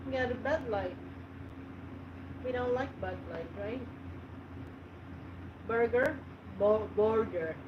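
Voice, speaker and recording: A woman's voice: fairly high pitch, slow, long pauses, muffled recording. A woman chiming in with brief remarks from off to the side, as the host's partner. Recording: distant voice with clear background noise.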